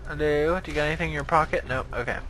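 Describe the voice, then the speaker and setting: A young man playing a video game and commenting in a sarcastic, excitable, self-mocking way. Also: on the high side, racing, a little hiss or hum, poor audio. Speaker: gaming video host. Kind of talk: let's play commentary.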